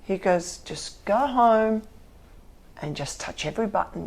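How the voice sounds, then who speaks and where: A woman's voice: medium pitch, a little slow, vocal fry. A woman, candidly telling her own story and acting out what people said to her. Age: 50s. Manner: animated, acts out quotes.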